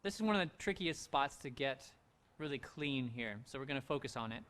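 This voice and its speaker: A man leading a handbell rehearsal, coaching players through measures and singing the rhythms on nonsense syllables in a relaxed, encouraging way. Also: mid-range voice, brisk. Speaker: handbell director. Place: home, recorded for a virtual event.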